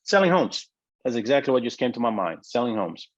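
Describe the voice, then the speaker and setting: A man telling his personal story in an interview, with emotional, halting delivery and many fillers. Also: medium pitch, big pitch swings, no room sound, lo-fi sound. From United States. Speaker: interview guest, business owner.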